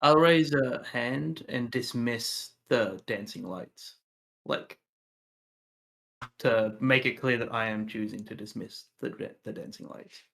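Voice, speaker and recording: Man with a gravelly voice playing a tabletop game, casual, thinks out loud. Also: medium pitch, fairly even intonation, slow. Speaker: player.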